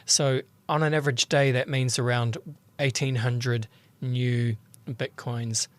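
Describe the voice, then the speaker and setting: A man's voice: medium pitch, flat delivery, slow. A man appearing as a podcast guest, patiently explaining step by step in an interview.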